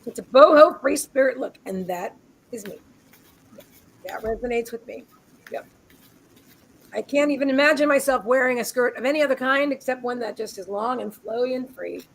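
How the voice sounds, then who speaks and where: Chatting over a webcam from home, an American woman with a high-pitched voice co-hosts a live psychic reading show in a casual, rambling way. Her friendly stories are full of restarts and asides, delivered at normal speed with vocal fry and frequent pauses. The audio is poor.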